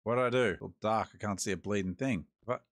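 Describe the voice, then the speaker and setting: A man's voice: fairly low pitch, quick pace, dry recording. An Australian man giving laid-back, joking commentary while playing a horror game, talking to himself as he goes. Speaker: gaming host. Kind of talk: let's-play commentary.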